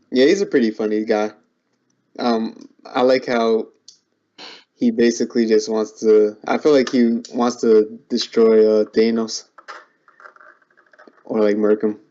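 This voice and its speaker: Easygoing young man, mellow dark voice. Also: fairly low pitch, fairly even intonation, slow pace, pauses often. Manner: easygoing, agreeable, often hedges with "like". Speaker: guest. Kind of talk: casual chat. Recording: muffled lo-fi recording.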